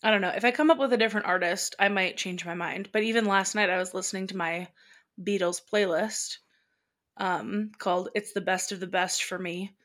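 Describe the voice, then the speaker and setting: A woman's voice: medium pitch, fairly even intonation, fairly quick, a bit bright. A young adult woman co-hosting a podcast in casual chat, talkative and emotional, laughing easily. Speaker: podcast co-host.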